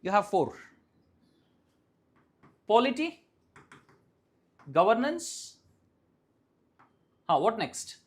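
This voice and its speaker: With a medium-pitched, slightly rough voice and big pitch swings, an Indian English–accented teacher lectures a class in person. He constantly questions students, makes sure they're keeping up, and repeats key ideas slowly and firmly.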